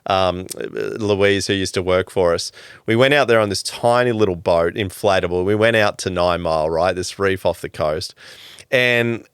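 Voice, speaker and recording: A man, telling stories as a podcast guest in a lively, casual way, swearing freely and calling people "mate". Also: sits low, moderate pace, clear, resonant tone, no room sound, clean studio sound. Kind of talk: casual storytelling chat.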